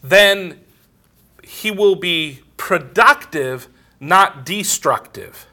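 Male theology teacher, slightly high and bright voice, casual and digressive delivery. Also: expressive, very slow. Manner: digressive, full of "you know" asides.

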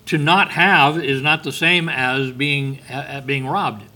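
A man's voice: mid-range voice, fairly even intonation, slow, bright, forceful tone. A man preaching a sermon in a conversational way, asking his listeners questions and reading scripture aloud. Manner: conversational preaching with rhetorical questions and emphatic lifts; reads scripture in King James wording.

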